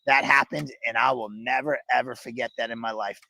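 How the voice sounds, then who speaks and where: A man with a gravelly, bright edge to his voice recounts stories in a relaxed, profane way. He talks in a casual chat style, often reflective. The sound is close and dry. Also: mid-range voice, fairly quick, dry recording. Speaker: podcast co-host.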